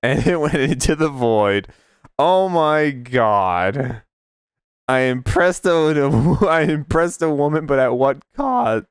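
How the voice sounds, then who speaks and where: Male let's-play host, unhurried but panicky, cursing and squealing, clean dry sound. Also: lively intonation, clean tone, no echo. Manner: panicky, swearing, yelps into high squeals. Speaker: gaming video creator.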